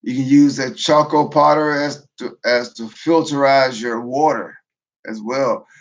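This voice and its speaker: A man hosting a casual livestream, talking in a tired, low-energy way and often repeating and restarting his phrases. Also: steady tone, measured pace. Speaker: livestream host, veteran prepper.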